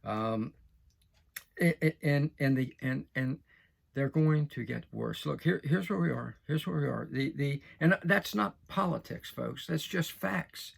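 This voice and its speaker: Man in his sixties, show host, heavy fry, husky tone, folksy and repetitive. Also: fairly high pitch, measured pace. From United States. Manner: folksy, repeats himself, frequent restarts and fillers. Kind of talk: casual direct-to-camera talk.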